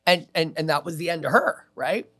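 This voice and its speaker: A male mentalist being interviewed on a podcast. He tells stories in an animated, boastful way, and his loudness swings often. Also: a little high, fairly quick, slightly rough. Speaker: mentalist guest. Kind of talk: animated storytelling in conversation. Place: podcast studio.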